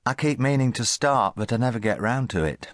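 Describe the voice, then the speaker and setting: A man's voice: mid-range voice, expressive, brisk, dry recording, clean studio sound, pitched above the performer's own voice, natural voice. A man voicing a shy, earnest young boy in a children's audiobook. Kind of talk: audiobook character voice.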